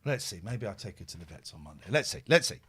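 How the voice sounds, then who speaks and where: Middle-aged male podcast host, bright voice, lively swooping delivery, sweary anecdotes. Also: on the low side, fast, slightly rough. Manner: sweary, animated storyteller; drops to a hushed murmur when tending his pet. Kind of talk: casual chat.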